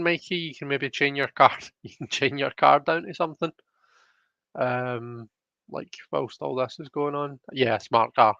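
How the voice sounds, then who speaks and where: A man's voice: mid-range voice, vocal fry, pushed and bright, no room sound, muffled recording. A young Scottish man hosting a live stream, chatting casually and reading out viewer comments with lots of fillers. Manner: rambling, chatty, frequent fillers.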